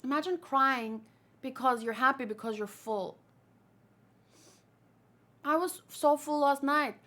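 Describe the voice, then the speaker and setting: A woman's voice: high-pitched, slow, bright, forceful tone. A woman streamer reading a manga aloud, with rambling, chatty commentary and casual swearing.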